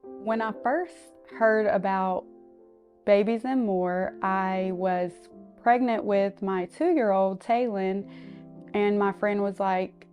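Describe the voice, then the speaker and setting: A woman's voice: medium pitch, fairly even intonation, takes it slowly, darkish tone, soft background music. A woman in her twenties, a mother, earnestly telling her own story as a client, often quoting what others said. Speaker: client giving a testimonial. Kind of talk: personal testimony.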